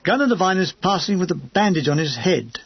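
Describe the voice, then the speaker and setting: A man's voice: sits high, big pitch swings, brisk, vocal fry, husky, dry recording, dull audio. A man reading an audiobook of a war memoir in a dry, wry manner. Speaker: audiobook narrator.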